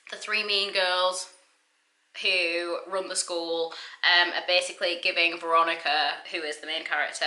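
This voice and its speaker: A young woman talking through a casual reaction vlog, chatty and animated, often breaking off mid-thought. Her voice is very bright and cutting, and it echoes around the room she records in. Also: medium pitch. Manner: chatty, self-interrupting, animated. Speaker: YouTuber.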